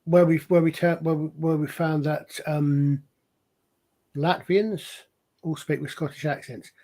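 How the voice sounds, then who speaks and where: A man with a somewhat high-pitched voice, talking in a relaxed, chatty way. He rambles through long explanations as a podcast co-host, doubling back and restarting his points as he goes. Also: a little slow. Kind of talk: casual chat.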